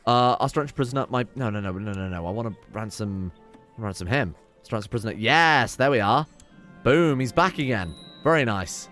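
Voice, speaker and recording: A man's voice: mid-range voice, animated, normal speed, fairly bright tone, soft background music. A young man casually commenting on his strategy game, reading event text aloud, wry and swearing now and then. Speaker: game streamer. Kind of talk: casual let's play commentary.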